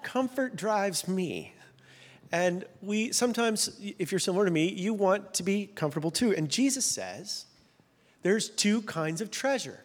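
A man in his forties gives a sermon in a loose, chatty manner, poking fun at himself between points. His voice sits a little high for a man. A long reverb hangs on his words from the large hall. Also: lively intonation, a little slow. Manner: conversational, self-deprecating humor. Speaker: pastor.

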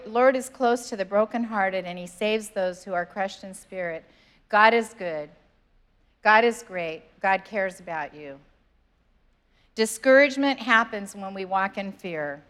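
A woman pastor, her medium-pitched voice slightly bright, preaches earnestly and conversationally in a church sanctuary. Part of her sermon is scripture read aloud.

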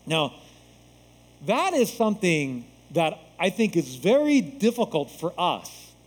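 A man from the United States preaching a sermon as a pastor, acting out quoted voices in an animated way. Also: fairly high pitch, takes it slowly, breathy edge, big-room sound, poor audio.

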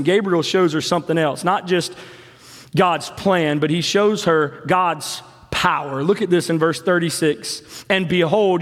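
A man preaching a sermon as pastor, with impassioned delivery that swings between rising emphasis and hushed, slow drops. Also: a little high, long reverb tail. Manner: impassioned preaching with dramatic pauses and soft drops. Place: church sanctuary.

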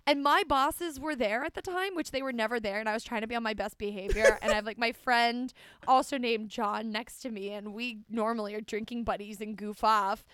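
High-voiced animated young woman storyteller. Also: fairly quick, smooth, dry recording. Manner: animated, laughs often while telling stories. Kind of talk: casual storytelling chat.

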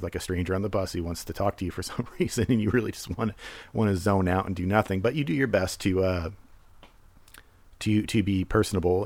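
A man's voice: on the low side, vocal fry, a little mellow, no echo. A man hosting a podcast, talking through a film in casual solo commentary, rambling with many fillers and restarts. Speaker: podcast host.

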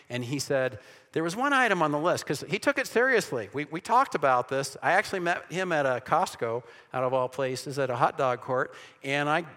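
A man's voice: a little high, pushed and bright. A man giving a preached talk to an audience, emphatic, with sarcastic asides, rhetorical questions and frequent restarts. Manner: frequent restarts and repeated words. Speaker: Christian speaker on evangelizing. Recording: long hall reverb.

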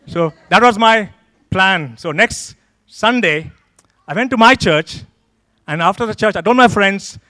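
A man's voice: high voice, expressive, a little slow, pushed and bright, dry recording, clean studio sound. A male pastor at a church service, telling his own story as a sermon testimony and acting out his past thoughts. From Kenya.

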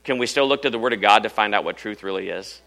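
A middle-aged male pastor preaching a sermon in church, firing off rhetorical questions and swinging from loud to hushed. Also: lowish voice, quick pace, vocal fry.

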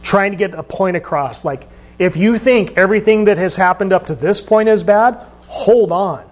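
Man, high voice, sermon, conversational, asks questions. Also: moderate pace. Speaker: pastor.

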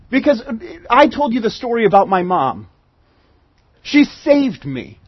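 Husky high-pitched guy preaching, chatty and earnest, dry muffled sound. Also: no echo. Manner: earnest, conversational preaching with repeated restarts. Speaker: pastor. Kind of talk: sermon.

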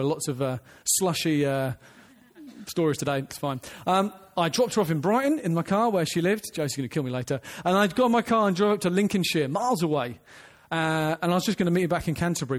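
A middle-aged man delivers a sermon in a fairly high voice. He talks earnestly and emphatically, often breaking off to restart a phrase or put a question to the congregation. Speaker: preacher.

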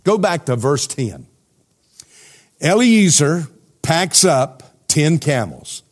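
Preacher with a slightly high voice. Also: male voice, sing-song, slow. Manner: conversational preaching with rhetorical questions to the congregation. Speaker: pastor. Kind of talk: sermon.

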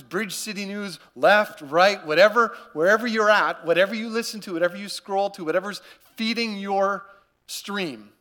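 A man preaching a sermon, earnest and repetitive, swinging between loud urging and quiet gravity. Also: high-pitched. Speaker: pastor.

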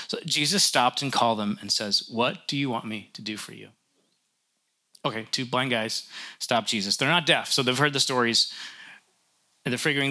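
A male pastor delivers a sermon in an easy, conversational manner, tossing in light jokes. His voice is middle in pitch with a very bright, sharp edge, and he often restarts his sentences. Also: moderate pace.

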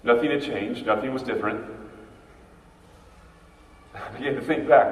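A man preaching a dramatic first-person sermon monologue, impassioned, swinging between hushed and loud. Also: mid-range voice, moderate pace, long pauses. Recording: echoey hall, mic far off.

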